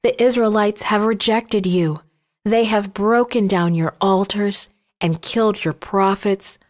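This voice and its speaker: A woman voicing an earnest, bold male prophet in a children's Bible story, in her own measured reading voice. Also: mid-range voice, lightly acted.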